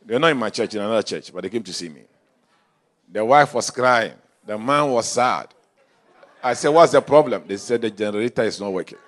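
Man preaching in a church, bright voice, swinging from quiet asides to shouts, congregation faintly heard. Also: medium pitch, normal speed, a faint crowd. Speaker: pastor. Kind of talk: sermon.

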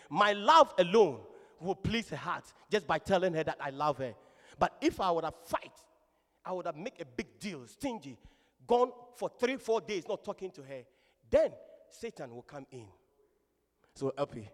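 A man preaching a sermon to a congregation in an animated, exclamatory manner, often calling out hallelujah. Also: high voice, normal speed. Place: large church hall. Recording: long hall reverb.

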